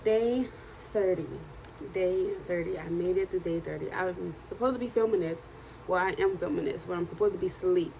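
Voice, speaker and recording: A woman in her thirties with a hoarse, worn-out voice, chatting in a casual video diary at home at night, tired and animated as she tells stories. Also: fairly low pitch, moderate pace, slight background noise, low-quality recording. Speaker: vlogger and journal author.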